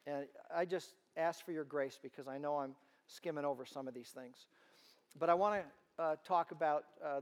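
A man giving a sermon-style talk to parents in a large room, telling stories in an animated way. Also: sits high. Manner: animated storytelling. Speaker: ministry speaker.

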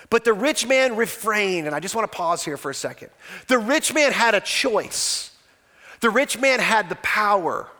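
High-voiced male pastor preaching. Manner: dramatic retelling, swings from loud to hushed. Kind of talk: sermon.

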